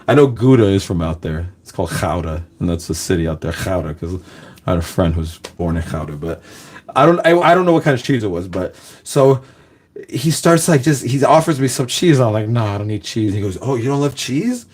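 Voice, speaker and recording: A man's voice: lowish voice, sing-song, fairly quick, darkish tone. A young man telling a long, rambling story in a loose, casual way, full of "like" and "guys" and bursts of laughter.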